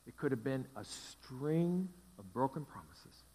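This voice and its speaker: A male pastor preaches with slow, deliberate emphasis, repeating short phrases and letting them hang. His voice sits in an ordinary male pitch and carries a long reverb from the church sanctuary. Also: expressive, mellow, husky. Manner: emphatic, repetitive, dramatic pauses. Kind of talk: sermon.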